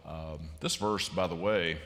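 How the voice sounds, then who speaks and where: A middle-aged man preaching a sermon in a large church, telling stories with sudden loud bursts and sharp shifts in volume. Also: deep voice, fairly even intonation, a little slow. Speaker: pastor. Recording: long church reverb.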